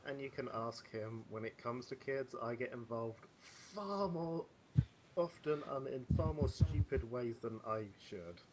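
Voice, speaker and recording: With lively intonation and no hurry, a mid-range male voice jokes sarcastically and laughs a lot while playing his character in a tabletop game. He's on a voice call through a computer mic, with background noise audible.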